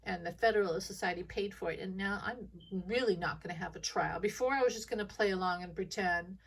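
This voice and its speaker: A woman's voice: mid-range voice, fast talker, vocal fry, slightly rough, low-quality recording. A woman putting on a mocking voice for a spiteful, defiant female judge who taunts everyone to come make her.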